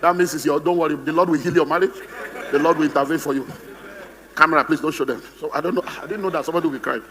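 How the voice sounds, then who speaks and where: A man's voice: on the high side, steady tone, rapid-fire, fairly bright tone, in a large hall. A man with a Nigerian English accent, giving a humorous, theatrical seminar talk as a motivational speaker, acting out the voices he quotes. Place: conference hall on stage.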